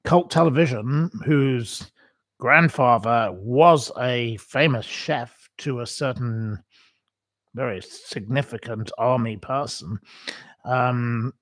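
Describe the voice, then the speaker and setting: A man's voice: medium pitch, dry recording. A man hosting a livestream, answering viewer questions in blunt, opinionated casual chat with lots of ums.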